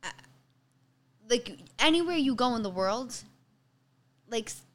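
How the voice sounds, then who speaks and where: A woman from the Bronx with a Bronx New York accent, a guest comedian chatting fast on a podcast, full of restarts and "like". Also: a little high, animated, a bit bright. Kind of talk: casual podcast chat.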